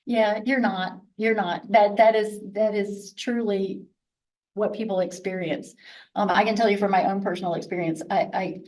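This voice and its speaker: A woman's voice: mid-range voice, fairly even intonation, moderate pace, a little mellow, distant mic, rough recording. A woman of about sixty, a physician, gives a candid, chatty conference talk full of restarts and self-deprecating asides. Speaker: physician presenter.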